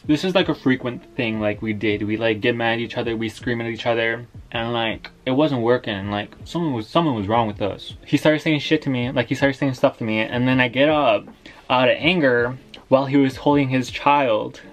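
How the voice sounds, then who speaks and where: A man's voice: mid-range voice, moderate pace. A young man telling a story time in a casual, slangy, rambling way, filling his talk with "like".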